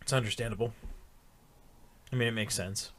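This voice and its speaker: A man's voice: lowish voice, steady tone, moderate pace, a bit bright, slight background noise. A young man hosting a podcast, chatting casually and telling anecdotes with quoted dialogue. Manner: laid-back storytelling, acting out quoted dialogue. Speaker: podcast host. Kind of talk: casual chat.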